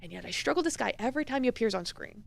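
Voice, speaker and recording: A woman's voice: a little high, lively intonation, rapid-fire, vocal fry. A young woman streamer, chatty and playful, reading a game aloud with voices.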